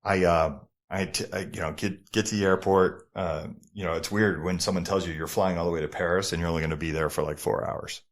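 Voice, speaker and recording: A middle-aged man with a New Jersey accent tells a story from his past to a podcast host. His voice sits low, and he keeps the story moving with profanity and quick impressions of the people in it. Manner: animated, profane, acts out other people's lines. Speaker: podcast guest, former model. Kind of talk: casual storytelling interview.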